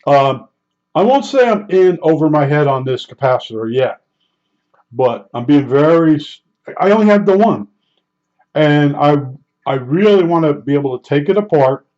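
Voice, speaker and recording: An older man telling a casual, halting workshop story, often restarting and searching for words as he recalls details. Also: on the high side, expressive, darkish tone, dull audio. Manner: halting, many restarts and fillers while recalling. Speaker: hobbyist repairing old electronics.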